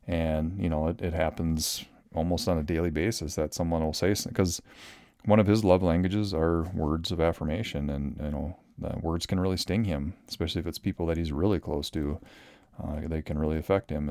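A man in his thirties from Minnesota hosts his own podcast, his deep, smooth voice recorded close and dry. He talks off the cuff, rambling and circling back with plenty of ums and restarts. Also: dark tone, dry recording. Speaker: podcast host. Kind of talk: casual solo podcast talk.

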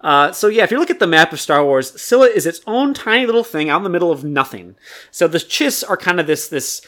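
A man's voice: fairly high pitch, very animated, a little fast, fairly bright tone. A man co-hosting a podcast, playfully explaining trivia at length in casual chat. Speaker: podcast co-host.

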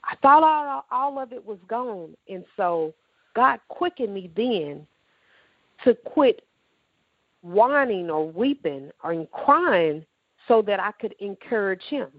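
A woman's voice: medium pitch, expressive, slow, dry recording, narrow, tinny audio. A woman telling her personal faith testimony in an emotional, emphatic way, acting out the dialogue as she goes. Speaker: testimony speaker.

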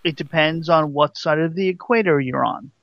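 A man's voice: on the high side, vocal fry, dry recording, dull audio. A man co-hosting a casual radio show, joking and cutting in with questions. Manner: joking, interrupting, quick questions. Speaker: radio co-host.

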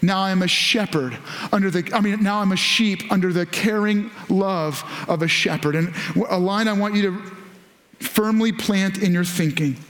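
A male pastor preaching a sermon to several campuses, animated, lifting his voice when he quotes scripture. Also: sits high, normal speed. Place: large church auditorium. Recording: echoey hall.

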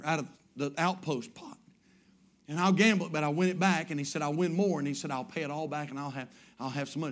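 A pastor preaching a sermon as a story, repeating his phrases and swinging from hushed lines to shouts. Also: a little high.

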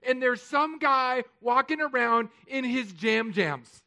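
A man preaching a sermon, telling stories with jokes and playful asides that turn hushed and solemn. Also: very high-pitched, slow pace. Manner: animated, joking storytelling with hushed, solemn turns. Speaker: pastor.

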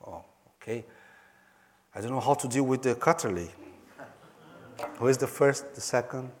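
Earnest Brazilian preacher with mid-pitched voice. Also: male voice, a little mellow. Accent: Brazilian Portuguese. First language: Portuguese. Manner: earnest storytelling in halting, non-native English. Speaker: pastor. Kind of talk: sermon.

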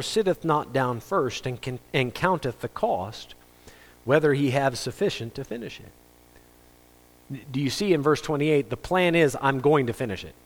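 A man preaching a sermon as pastor, conversational and joking, acting out the voices he quotes. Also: on the high side. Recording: long reverb of a hall.

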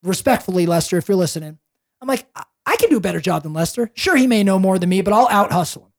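A man, a realtor, talking as a podcast guest, rambling and animated, with many restarts. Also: high-pitched, fast. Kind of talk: casual podcast storytelling.

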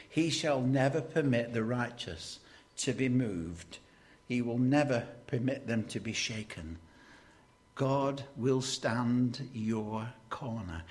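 Brief: male preacher, unhurried delivery, bursts of fervour on key lines. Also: mid-range voice. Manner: slow, deliberate preaching with sudden emphatic rises. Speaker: preacher and hospital chaplain. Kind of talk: sermon.

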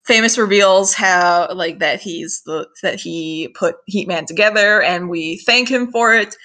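A woman's voice: medium pitch, measured pace, pushed and bright. A young woman in casual podcast chat, recapping an anime episode with lots of laughter and casual swearing. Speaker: podcast co-host.

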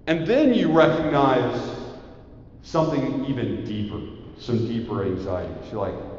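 Priest preaching slowly in an echoey hall. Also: male voice, on the high side, a little hiss or hum. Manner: animated, audience call-and-response. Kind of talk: sermon. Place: large hall. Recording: echoey hall from far off, dull sound.

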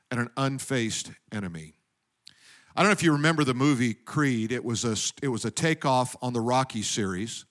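A man's voice: medium pitch, a bit bright. A man preaching a sermon in a conversational way, rising with emphasis on key points. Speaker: pastor.

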